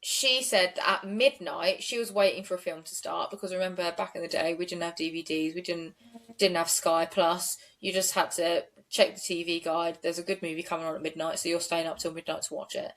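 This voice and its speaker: A woman's voice: fairly low pitch, steady tone, brisk, fairly bright tone. A woman co-hosting a true crime podcast, retelling a case in a conversational way with fillers. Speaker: podcast co-host.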